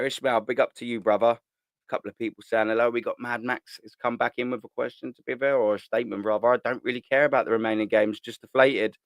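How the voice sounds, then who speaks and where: A chatty man hosts a morning live stream from home, talking straight to his viewers. His delivery is loose and slangy, full of repeated words and restarts. The sound is dry and close, with no room echo. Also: mid-range voice. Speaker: host of a live morning fan show. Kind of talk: casual live-stream chat reading viewer comments.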